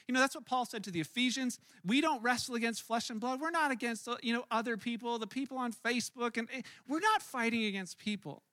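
A pastor delivers a sermon in a high, bright, edgy voice, telling a story in an animated, conversational way, often stumbling, repeating words and restarting. He speaks briskly, and the recording is close and dry, with no room sound or echo.

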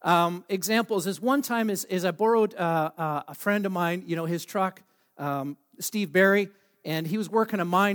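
A man preaching a sermon through a humorous, self-deprecating story, joking with the crowd and halting often on fillers. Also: sits high, a bit bright.

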